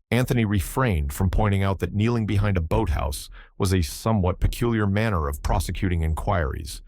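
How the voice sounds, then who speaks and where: A man narrating an audiobook in a measured, even scripted reading, recorded close to the mic. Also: low-pitched, dry recording.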